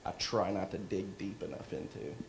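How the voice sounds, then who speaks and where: A man, a filmmaker at a premiere Q&A, telling a story in a halting, rambling way with frequent chuckles. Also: sits low, flat delivery, vocal fry, reverberant, very noisy. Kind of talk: casual storytelling on a panel. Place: venue at a film premiere.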